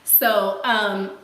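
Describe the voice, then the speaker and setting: Sassy laughing woman on a livestream. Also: mid-range voice. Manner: sassy, laughing, playful slang. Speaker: host answering live chat. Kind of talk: casual livestream chat. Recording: echoey room, faint noise.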